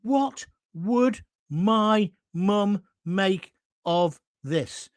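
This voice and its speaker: A man's voice: sits high, drawn-out words, no echo, studio quality. A man hosting his own live stream, delivering indignant, emotional commentary straight to his viewers.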